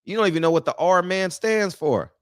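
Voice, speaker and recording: A man's voice: high-pitched, expressive, brisk, clear, resonant tone, no room sound, clean studio sound. A man hosting a casual talk show, speaking bluntly and profanely, often laughing at his own jokes. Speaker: podcast host.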